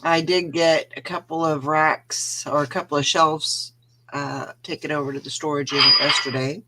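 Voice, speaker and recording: A woman's voice: low-pitched, fairly even intonation, moderate pace, pushed and bright. A woman co-hosting a casual live-stream morning show, laughing easily and trailing off mid-sentence. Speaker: co-host of a reseller morning show.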